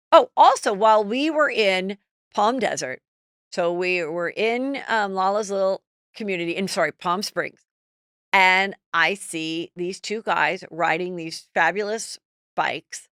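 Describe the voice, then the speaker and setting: A middle-aged woman hosting a podcast, chatting casually and gossiping about celebrities in an animated storytelling way. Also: fairly low pitch, no room sound, clean studio sound. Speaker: podcast host.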